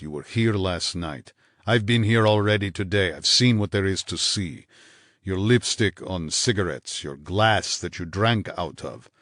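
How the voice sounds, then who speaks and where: A man voicing a bitter, menacing husband in an audiobook, snarling low and clipped with contempt. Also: fairly bright tone, no room sound, studio quality. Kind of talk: audiobook character voice.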